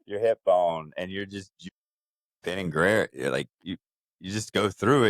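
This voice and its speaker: A man in his forties co-hosting a podcast, speaking in a reflective, measured way and giving advice. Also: deep voice, no room sound. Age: 40s. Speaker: podcast co-host. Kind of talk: candid casual chat.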